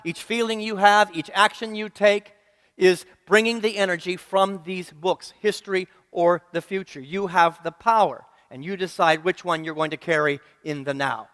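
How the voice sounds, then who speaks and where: Male preacher, earnest and repetitive, quizzes his congregation; high voice in a reverberant church. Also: a bit bright. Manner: earnest, rhythmic repetition, asks the congregation questions. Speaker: minister. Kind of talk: sermon. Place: church sanctuary.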